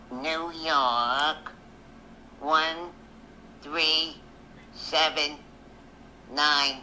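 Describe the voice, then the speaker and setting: A prank caller voicing a feisty elderly churchgoer who talks slowly and teasingly on a scam call. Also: mid-range voice, pushed and bright, slight background noise, heavily acted, rough recording. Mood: sweetly slow. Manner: slow, drawn-out, teasing. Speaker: scam baiter.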